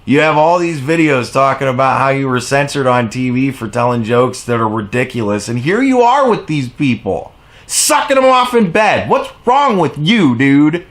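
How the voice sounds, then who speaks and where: A man delivering an angry political rant as a commentary vlogger, sarcastic and mocking, full of profanity, jumping from exasperated highs to low mutters. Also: sing-song, moderate pace.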